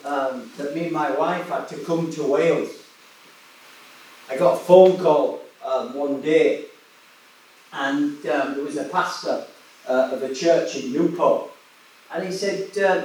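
A man's voice: on the high side, a little mellow, a little hiss or hum. Guy preaching, tells stories and laughs a lot, mic far off in a really echoey room. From West Yorkshire, England. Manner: chatty anecdotes, laughing often. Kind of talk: sermon storytelling.

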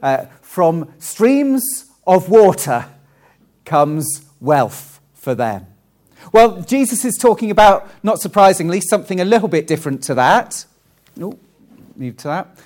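A man from Wales preaching a friendly sermon with frequent ums and pauses. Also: high voice, big pitch swings, a little mellow. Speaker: pastor.

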